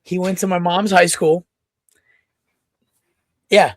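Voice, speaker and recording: A man co-hosting a sports podcast, chatting casually and excitably, rambling with lots of restarts. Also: high-pitched, slow pace, no echo, studio quality. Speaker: podcast co-host.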